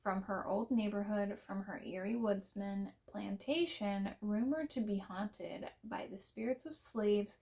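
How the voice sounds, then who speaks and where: A woman's voice: mid-range voice, measured pace, few pauses, mellow. A young woman chatting casually to camera about books she wants to read, playful and self-deprecating. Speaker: book vlogger. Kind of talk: casual to-camera book chat.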